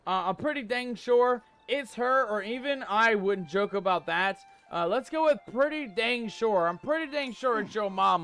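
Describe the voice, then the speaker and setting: A man's voice: high voice, animated, moderate pace, hardly any pauses, fairly bright tone, clean tone, faint music behind. A man commenting on his gameplay and chatting with viewers, with playful pirate-style banter. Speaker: gaming channel host.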